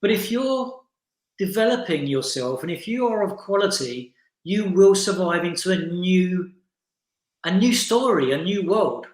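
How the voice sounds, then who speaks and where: A man's voice: high voice, animated, measured pace. A man guest speaking bluntly and frankly over a video call, rallying his listeners in a motivational interview. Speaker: salon owner and educator, interview guest. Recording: roomy echo.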